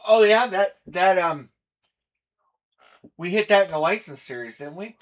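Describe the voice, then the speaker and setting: On a muffled recording, a man with a high, animated voice hosts a live collectibles stream at a measured pace. He keeps the breaking-stream chat casual as he goes down a list of players and teams.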